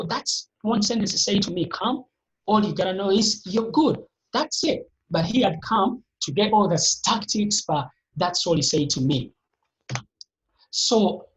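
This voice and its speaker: Heard over a video call in a live online session, a motivational speaker delivers an emphatic, repetitive talk with sudden upward jumps in pitch. The recording is low quality.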